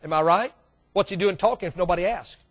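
High-pitched preaching pastor. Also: male voice, fast. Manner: dynamic preaching, swinging between loud bursts and hushed asides; calls out to the congregation for response. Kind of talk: sermon.

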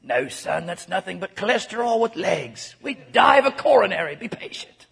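A dry, proper cannibal father with a raised, plummy put-on British voice, played by a man. He lectures his son with clipped patience, and the tone comes out forceful and a little husky. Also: high voice, sing-song, normal speed, pitched above the performer's own voice, heavily acted. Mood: lecturing.

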